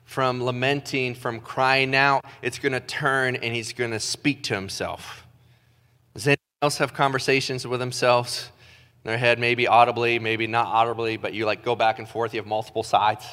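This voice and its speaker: Pastor, male, casual self-deprecating sermon delivery, mid pitch, big reverberant hall. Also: steady tone, normal speed, pushed and bright, clean tone. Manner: casual, self-deprecating, talks with his hands in filler words. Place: church stage.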